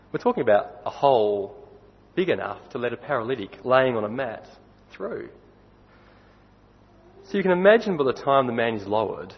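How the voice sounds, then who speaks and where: A low, husky-voiced man delivers a sermon, speaking in a chatty way and putting questions to the congregation. His voice rings with a long hall reverb, and the recording sounds dull and muffled. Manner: conversational, asks the listeners questions. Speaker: preacher.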